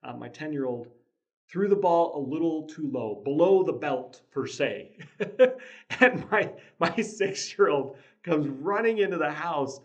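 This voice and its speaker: A man's voice: a little high, darkish tone, highs cut off. A man hosting a casual motivational talk on parenting, telling a family story in an earnest way with chuckles and frequent restarts. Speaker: podcast host, father.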